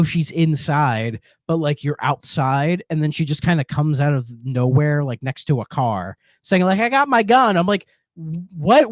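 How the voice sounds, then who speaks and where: A man's voice: on the high side, no room sound, clean studio sound. A man co-hosting a podcast, chatting casually and in a rambling way about retro games. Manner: rambling, animated, acts out game lines in silly voices. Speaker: podcast co-host.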